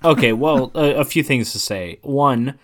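A man co-hosting a casual movie podcast, animated and laughing often, trailing off quietly at the ends of thoughts. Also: mid-range voice, a little slow. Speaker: podcast co-host. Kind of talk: casual chat.

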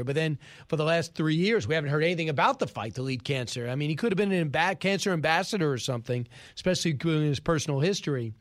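On a talk radio show recorded in a studio, a male host with a fairly high, expressive voice takes calls and offers opinionated, emphatic commentary. He throws in quick asides as he goes.

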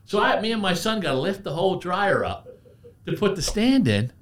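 A man's voice: sits high, very animated, moderate pace. A man speaking as a guest in a casual interview, telling stories with lots of restarts. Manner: anecdotal, many restarts and "he goes". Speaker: guest, brand representative.

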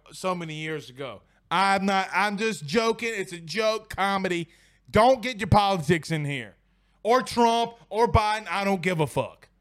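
A man's voice: high voice, dry recording, studio quality. A tipsy young man hosting a sports livestream, reading viewer comments in a rowdy, profane, laughing way. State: tipsy from whiskey. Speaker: sports show host.

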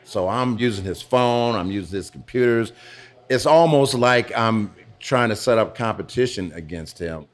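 A middle-aged man being interviewed in a pizza restaurant, telling his own story frankly with halting restarts. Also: on the low side, animated. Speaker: interviewee, former dancer turned business owner. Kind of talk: candid personal storytelling.

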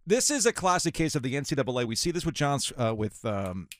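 A man's voice: medium pitch, big pitch swings, fast talker. A man hosting sports talk radio, ranting sarcastically. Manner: sarcastic, ranting, mocking voices of officials.

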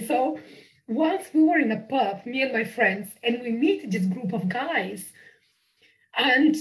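A woman whose first language is not English, chatting as an improviser guest over a video call, animated and quick to laugh. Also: a little high, rough recording. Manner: animated, gushing, laughs often. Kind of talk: casual interview chat.

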